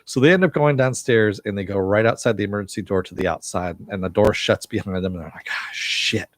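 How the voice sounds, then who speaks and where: A man with a fairly low voice talks through a TV episode in a loose, rambling way, full of "uh" and "you know" and stray chuckles. The sound is dry and close, with no room echo. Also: quick pace. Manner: rambling, many fillers and chuckles. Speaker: TV episode reviewer. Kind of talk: casual live recap.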